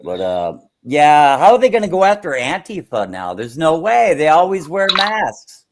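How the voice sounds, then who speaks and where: A man's voice: on the high side, huge pitch swings, normal speed, background noise. A man chatting casually on a stream, hesitant and full of fillers. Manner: hesitant, filler-heavy, chuckling. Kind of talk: casual chat.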